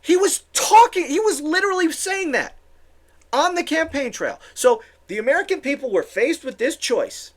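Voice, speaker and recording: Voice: sits high, big pitch swings, normal speed. A political commentary host ranting alone on camera, sarcastic and exasperated, often stumbling into restarts and repeated words.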